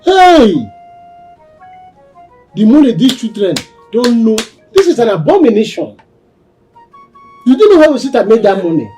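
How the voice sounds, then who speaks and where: An actor with a Nigerian accent playing a worried elder brother who pleads for calm and exclaims often. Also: male voice, high voice, brisk, pauses often, faint music behind. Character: worried elder brother trying to keep peace.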